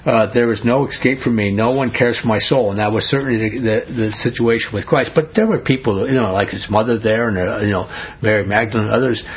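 A man's voice: lowish voice, fast, breathy edge. A man leading an interactive Bible study, reading scripture aloud and putting questions to his group. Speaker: Bible teacher. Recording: dull lo-fi recording.

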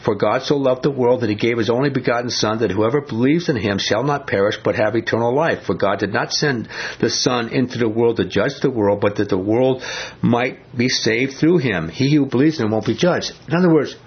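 A man preaching a sermon in a conversational way, asking his listeners questions and going low and slow when he quotes scripture. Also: slightly rough. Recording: dull lo-fi recording.

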